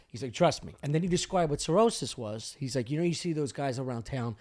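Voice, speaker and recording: A man telling a long animated story in casual podcast chat, swearing freely. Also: mid-range voice, quick pace. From Italian-American. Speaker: podcast host.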